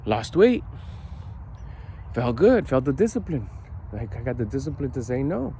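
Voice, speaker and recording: A middle-aged man giving a casual motivational talk outdoors at a park, blunt and animated, swearing freely. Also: mid-range voice, normal speed, slight background noise. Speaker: personal development vlogger.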